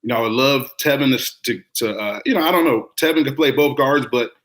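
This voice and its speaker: A man who coaches high school football, talking in a relaxed, reflective way with many fillers on a sports podcast. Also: fairly quick. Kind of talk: casual sports talk.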